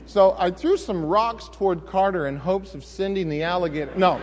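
Middle-aged male pastor, high-pitched, folksy storyteller in the pulpit, reverberant church hall. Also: animated, moderate pace, few pauses, slight background noise. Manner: folksy, conversational storytelling with sudden emphatic rises. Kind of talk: sermon with personal storytelling.

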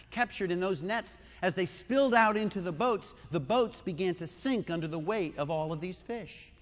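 A man's voice: high voice, in a large hall. A man preaching a sermon, retelling a story conversationally with asides and questions to the listeners. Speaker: pastor.

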